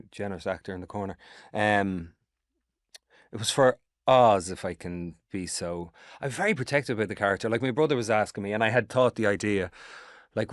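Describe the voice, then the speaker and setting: A middle-aged Irish actor in a casual interview, telling long rambling stories with lots of swearing. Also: male voice, lowish voice, no room sound, clean studio sound. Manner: rambling, animated storytelling with swearing. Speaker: actor guest.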